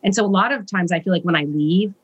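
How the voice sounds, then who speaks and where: Chatty woman author, lower voice. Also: fast talker, slightly rough, dull audio. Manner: chatty storyteller, lively asides. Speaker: children's book author, guest. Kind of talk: casual interview chat. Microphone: video call.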